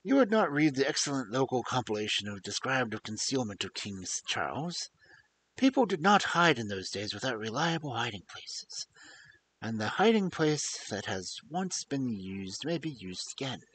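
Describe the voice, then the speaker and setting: A man reading aloud and voicing a calm, grave male detective who speaks in a measured, formal way. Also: medium pitch, husky.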